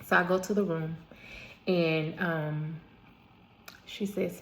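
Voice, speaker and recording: A woman with a low, gravelly voice tells her own life story in a casual vlog. She speaks emphatically, repeats lines for effect and stops to correct herself. Her tone is rough and grounded in a slightly deep register. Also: steady tone, slow pace, slight background noise. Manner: repetitive, emphatic retelling with asides and restarts.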